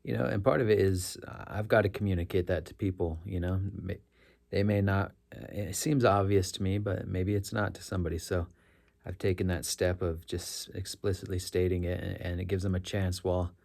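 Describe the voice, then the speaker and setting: A middle-aged man with a deep, gravelly voice tells a story in a loose, reflective way. His tone is dark and mellow, and he often circles back and corrects himself as he talks. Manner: rambling, self-correcting, earnest. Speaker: rideshare driver sharing stories.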